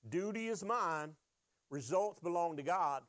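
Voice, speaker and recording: A man's voice: high-pitched, animated, unhurried, a bit bright, dry recording. A man preaching a sermon, telling a personal testimony in an earnest storytelling way and drawing out his key phrases. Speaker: pastor.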